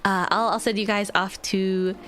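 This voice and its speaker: A woman's voice: mid-range voice, little pitch movement, moderate pace, a bit bright. A woman streamer chatting casually to her viewers, bubbly and giggly, rambling between thoughts. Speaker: VTuber streamer.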